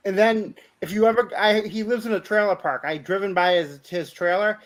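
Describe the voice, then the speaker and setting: Host guy with a pretty high voice, says yep a lot, tosses in extra details. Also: steady tone, fairly quick. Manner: short agreeing replies, chimes in with added details. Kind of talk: casual chat.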